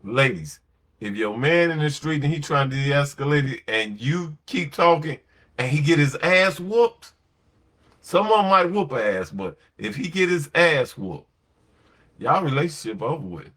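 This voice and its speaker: A man's voice: fairly high pitch, animated, a little slow, fairly bright tone. A man talking on a late-night podcast in a blunt, slangy, emphatic way, telling stories and giving opinions. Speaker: podcast host.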